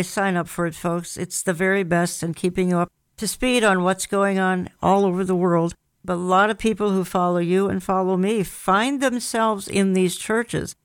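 A man's voice: high voice, fairly bright tone, clear, resonant tone, no room sound. A man hosting a religious talk program, speaking directly and conversationally to his listeners. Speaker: radio program host.

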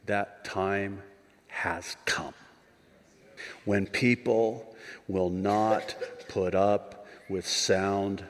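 A male pastor preaching a conference sermon, moving from quiet asides to impassioned shouting with joking digressions. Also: lowish voice. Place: large conference hall. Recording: long hall reverb from a live conference.

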